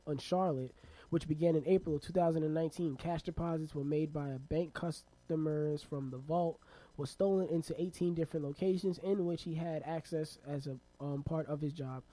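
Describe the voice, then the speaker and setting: High-voiced man in loose podcast banter. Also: warm tone. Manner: laughs often, reads news stories aloud with joking asides. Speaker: podcast co-host. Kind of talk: casual podcast chat.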